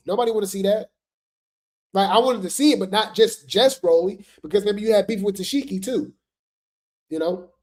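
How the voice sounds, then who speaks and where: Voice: medium pitch, a little mellow. Chatty, slangy gossip host. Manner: slangy, chatty, full of fillers and asides. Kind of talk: casual gossip commentary.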